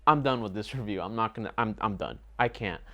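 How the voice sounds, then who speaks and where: A man's voice: fairly low pitch, a little fast, a bit bright. A man hosting an angry movie review, ranting in a furious, sweary, exasperated way.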